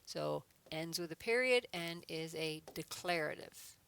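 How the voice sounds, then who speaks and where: Woman, adult education teacher, patient step-by-step explaining, gravelly, low-pitched. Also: lively intonation, a little slow, a bit bright, a little hiss or hum. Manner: patient, explains step by step, reads example sentences aloud with emphasis. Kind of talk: online grammar lesson.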